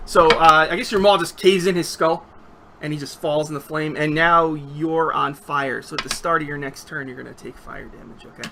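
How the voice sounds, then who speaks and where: A man's voice: fairly high pitch, steady tone, normal speed, creaky, background noise. A man running a tabletop game as game master, narrating the action and thinking aloud over dice with easy chuckles.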